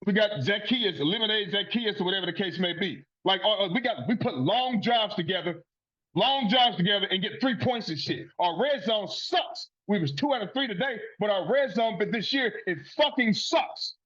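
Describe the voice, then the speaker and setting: Male sports podcast host, high husky voice, heated profane rant, lo-fi recording. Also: expressive, normal speed, fairly bright tone. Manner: profane, fired-up and ranting.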